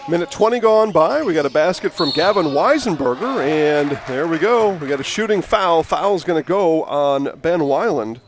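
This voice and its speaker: A man doing play-by-play for a high school basketball game, chatty and prone to rambling, opinionated asides, speaking from a gym broadcast booth. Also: lively intonation, moderate pace, hardly any pauses. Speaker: play-by-play announcer. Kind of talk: sports commentary. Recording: noisy gym audio with ball bouncing.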